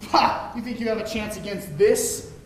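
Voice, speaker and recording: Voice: mid-range voice, normal speed, lightly acted. A stage performer playing a vain, muscle-proud young male suitor with a boastful, mock-heroic delivery. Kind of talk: amateur stage comedy. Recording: noisy, echoey stage recording.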